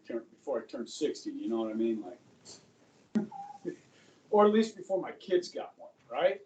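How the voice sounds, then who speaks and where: A middle-aged man teaching a high school history class, chatting and joking, often checking in with his students. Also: a little mellow, slight background noise. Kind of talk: classroom lecture. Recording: echoey classroom, voice from far off.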